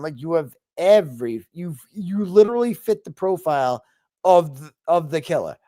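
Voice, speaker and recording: Guy on a video call, a bit high-pitched, voice jumps around a lot, swears constantly, dry sound. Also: moderate pace, no echo. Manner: animated storytelling, frequent swearing. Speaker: guest. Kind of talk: casual chat.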